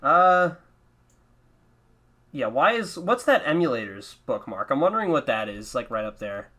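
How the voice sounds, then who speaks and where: A man's voice: medium pitch, big pitch swings, moderate pace, bright, forceful tone. A man hosting a casual commentary, talking in a profane, self-mocking, rambling way. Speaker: podcast host. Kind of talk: casual commentary on his old videos.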